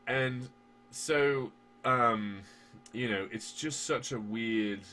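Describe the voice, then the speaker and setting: Rambling, profane man with a bright edge. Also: mid-range voice, a little hiss or hum. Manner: rambling, profane, halting with many fillers, building to heated rants. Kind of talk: casual conversational podcast chat.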